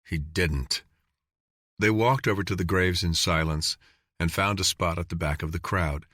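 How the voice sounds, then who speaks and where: A man narrating an audiobook in an even, measured reading. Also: low-pitched, no room sound, clean studio sound. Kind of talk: scripted narration.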